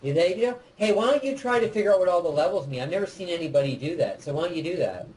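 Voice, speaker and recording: Animated man shouting game directions. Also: fairly high pitch, very fast, poor audio. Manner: excitable, lively, directing his partner. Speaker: let's play co-host. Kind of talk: casual gameplay chat.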